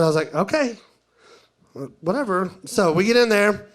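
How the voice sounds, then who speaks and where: Performing live stand-up at a comedy venue, a man tells a story in a drawling, conversational style, quoting other people along the way. His voice is high with lively intonation, at a normal speed.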